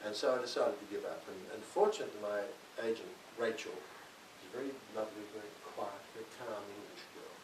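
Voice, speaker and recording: An older Australian man, an author at a library event, talks to the audience in a relaxed, joking, self-mocking way and laughs often. His voice is fairly low and fast, picked up from far back in an echoey hall with a steady hiss underneath.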